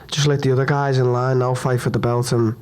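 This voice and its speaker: A man's voice: medium pitch, level tone, a little mellow. A young man, answering questions at a post-fight press conference, upset and hurt after a loss, blunt, stumbling over his words and swearing. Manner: blunt, repetitive, swearing, halting restarts.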